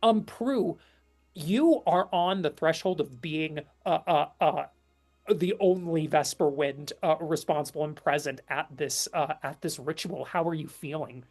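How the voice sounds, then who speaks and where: Brief: low-voiced woman game master, halting, unhurried tabletop narration. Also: a little mellow, soft background music.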